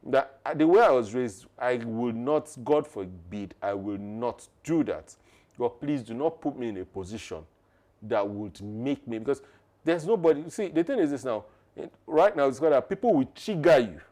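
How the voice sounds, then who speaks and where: A man's voice: mid-range voice, animated, moderate pace, mellow. A man co-hosting a podcast, talking emphatically and laughing often. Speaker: podcast co-host. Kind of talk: conversational podcast talk.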